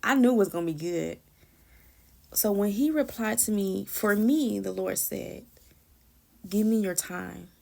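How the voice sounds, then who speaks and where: Earnest woman with a gravelly edge. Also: medium pitch, measured pace, darkish tone. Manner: emotional, earnest, repeats and restarts phrases. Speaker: Christian encourager sharing a prayer testimony. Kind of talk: personal testimony, conversational storytelling.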